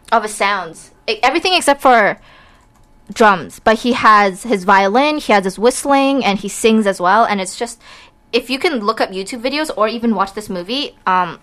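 A woman's voice: mid-range voice, fairly bright tone. A young woman hosting a campus radio show in the studio, chatty and enthusiastic, casually urging listeners to call in.

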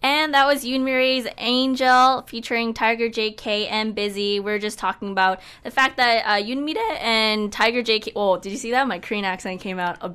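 Smooth-voiced cheerful female co-host. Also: a little high, fairly even intonation, normal speed, few pauses, sharp tone. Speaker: radio music show co-host. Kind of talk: casual radio chat.

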